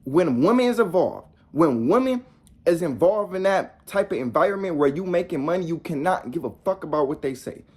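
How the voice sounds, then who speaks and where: A man's voice: a little high, lively intonation, a little fast, darkish tone, slightly rough. A young man giving a blunt, profane motivational talk to the viewer, hammering on repeated rhetorical questions. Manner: preachy, talks straight to the viewer. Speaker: motivational vlogger. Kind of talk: casual motivational monologue.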